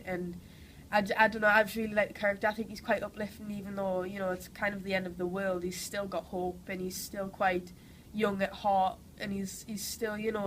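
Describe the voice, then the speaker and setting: A woman's voice: medium pitch, fairly bright tone, a little hiss or hum, poor audio. Chatty young Geordie woman with a cold. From Newcastle, England. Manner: chatty and enthusiastic, many "like" and "you know" fillers. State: has a cold. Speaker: actress interviewee. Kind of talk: casual interview answers.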